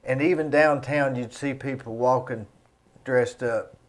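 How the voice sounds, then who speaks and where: A man's voice: medium pitch, fairly even intonation, unhurried. A man hosting a studio talk show, asking his guest curious questions in a casual way. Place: recording studio.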